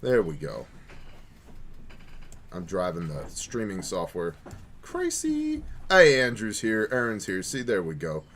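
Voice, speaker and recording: A man's voice: sits low, animated, measured pace, long pauses, fairly bright tone, a little hiss or hum. A man hosting a casual livestream chat, joking and bantering with his co-host. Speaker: podcast host.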